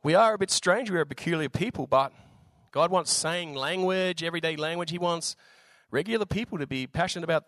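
A man with an Australian accent and a slightly raspy voice, preaching a sermon in a relaxed, jokey way with lots of fillers. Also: fairly high pitch, a little fast, dry recording. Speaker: visiting preacher.

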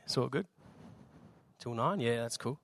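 A man with an Australian accent and a slightly raspy voice, preaching a sermon in a relaxed, jokey way with lots of fillers. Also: mid-range voice, measured pace, no room sound. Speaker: visiting preacher.

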